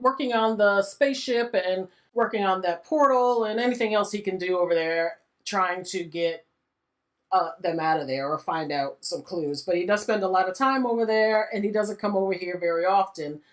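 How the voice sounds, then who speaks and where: A woman hosting a gaming channel, giving casual let's-play commentary in a chatty, exasperated way and often laughing. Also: lowish voice.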